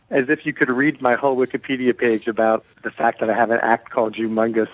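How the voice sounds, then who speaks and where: A man's voice: mid-range voice, steady tone, moderate pace, no room sound. A man talking as a guest musician in a casual radio interview, chatty and joking, heard over a phone line.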